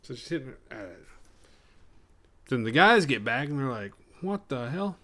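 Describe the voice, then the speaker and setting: A man recapping a horror film for his show, swearing casually and jumping into quick voices for the characters. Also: mid-range voice, expressive, sharp tone. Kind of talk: casual comedic retelling.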